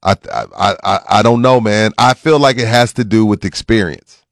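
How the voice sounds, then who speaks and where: Animated man in his forties, sports radio host. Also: on the low side, moderate pace, no echo, clean studio sound. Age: 40s. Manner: animated, laughing and raising his voice when riled. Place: radio studio. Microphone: studio mic.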